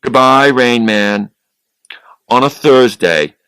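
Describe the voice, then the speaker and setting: A man's voice: medium pitch, animated, takes it slowly, pushed and bright, clear, resonant tone, no echo, pitched above the performer's own voice. A man reading as an adult character who speaks literally and repeats dates and phrases exactly. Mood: matter-of-fact.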